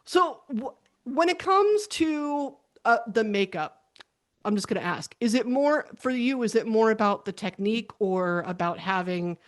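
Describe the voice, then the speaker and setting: A woman's voice: on the high side, a little slow. Chatty woman hosting an interview. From United States. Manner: chatty, animated, laughs easily. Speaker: podcast host. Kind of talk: casual interview chat.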